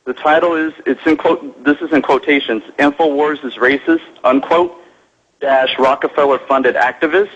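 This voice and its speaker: A man's voice: mid-range voice, steady tone, moderate pace, fairly bright tone. Man on a dull lo-fi phone line. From South Texas. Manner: earnest storytelling, acts out others' voices. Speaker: caller, local activist. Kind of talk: phone-in account.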